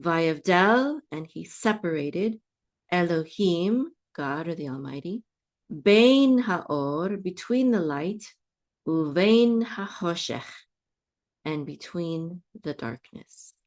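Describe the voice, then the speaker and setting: A woman teaching a slow, patient lesson on reading Bible Hebrew, often stopping to check in with her listeners and restarting her phrases. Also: lowish voice, lively intonation, a little mellow.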